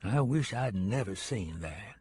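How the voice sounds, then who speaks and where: A man voicing a nervous male prisoner with a deep Southern accent, talking in a hushed whisper. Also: expressive, a little slow, husky, no echo, clean studio sound, heavily acted. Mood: uneasy whisper.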